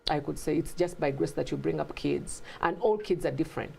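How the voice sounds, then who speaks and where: A woman guest in a casual talk, telling stories with lively acted-out quotes and frequent laughter. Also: low-pitched, fairly quick, gravelly, slightly rough. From Africa. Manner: animated storytelling, acts out quotes, laughs often. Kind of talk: casual conversation.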